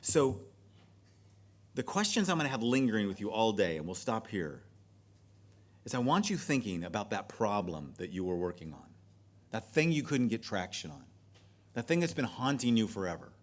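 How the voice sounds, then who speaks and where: A middle-aged man, a pastor and leadership speaker, giving a seminar talk with lively storytelling and occasional drops to a soft, near-whispered delivery. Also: on the low side, moderate pace, long pauses. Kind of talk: seminar talk with acted-out stories.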